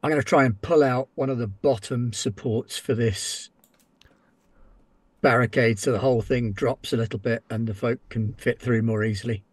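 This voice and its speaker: A man at a tabletop game explains his moves plainly and reads out his dice rolls. His voice sits at a mid pitch and sounds dry and close, with no room sound. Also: moderate pace, no room sound. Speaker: player. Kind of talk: casual tabletop play.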